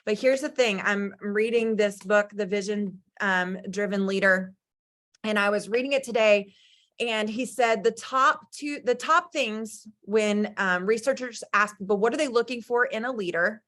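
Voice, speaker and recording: A team leader on a team video call gives a motivational talk, speaking emotionally and passionately as she shares her lessons. Her mid-range voice moves at normal speed with a fairly bright tone.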